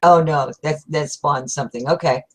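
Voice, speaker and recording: A woman's voice: low voice, normal speed. A woman hosting a casual radio chat, reacting with enthusiasm to her guest. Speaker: radio show host.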